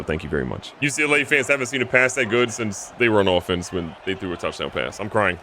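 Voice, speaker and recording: Male gaming creator, lively play-by-play with sudden loud outbursts, bright tone, faint noise. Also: quick pace, hardly any pauses. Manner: animated, jokey, swings between loud outbursts and low mutters. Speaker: gaming YouTuber. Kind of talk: excitable video game commentary.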